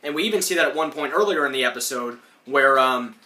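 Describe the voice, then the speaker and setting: A man's voice: mid-range voice, lively intonation, quick pace, pushed and bright. A man hosting a podcast, giving a casual, rambling, enthusiastic recap of a cartoon, full of fillers. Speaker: podcast host. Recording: roomy echo.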